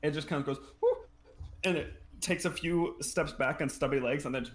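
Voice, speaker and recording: A man's voice: fairly high pitch, fairly even intonation, a little fast, a bit bright. A man running a tabletop game as game master, describing scenes in a loose, rambling way full of fillers.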